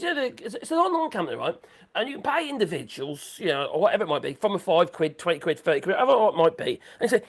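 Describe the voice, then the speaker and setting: A woman hosting a live stream in rambling chat, excitable, swearing freely and laughing a lot. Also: on the high side.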